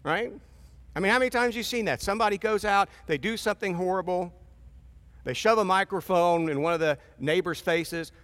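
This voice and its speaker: Fifty-year-old male preacher, slightly high voice. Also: a little fast, a bit bright. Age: 50s. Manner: conversational storytelling, wry asides. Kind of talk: sermon.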